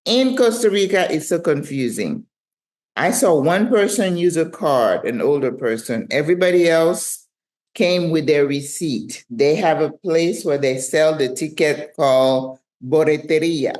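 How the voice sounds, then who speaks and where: A woman in her sixties with a French accent, a retirement travel vlogger, tells a travel story to camera from her living room in a chatty, self-teasing way. Her voice is low, a little mellow, with lively intonation and a slightly slow pace.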